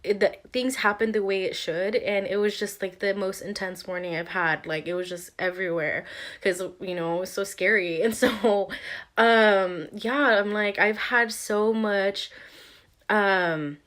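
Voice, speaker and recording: A woman's voice: medium pitch, steady tone, measured pace, fairly bright tone. A young woman vlogger casually recounting a tense morning, rambling with lots of fillers and restarts. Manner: rambling, filler-heavy retelling with many "like"s. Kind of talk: casual storytelling.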